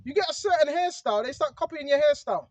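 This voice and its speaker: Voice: high voice, lively intonation, quick pace, darkish tone, dry recording. A speaker preaching informally, emphatic and repetitive, checking in with the listener again and again. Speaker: online preacher. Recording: dull lo-fi recording.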